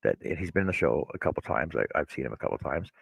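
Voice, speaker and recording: A man's voice: very deep voice, animated, racing, creaky, breathy edge, no room sound, poor audio. A man co-hosting a casual chat show, telling a long story with many restarts and repeated words. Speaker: co-host.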